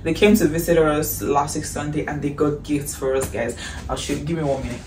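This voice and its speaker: A woman with a Nigerian accent chatting in a casual haul vlog, excitable and gushing, breaking into shrieks and breathy exclamations. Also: low voice, fairly quick. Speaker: vlogger. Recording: echoey room, distant mic, faint hiss.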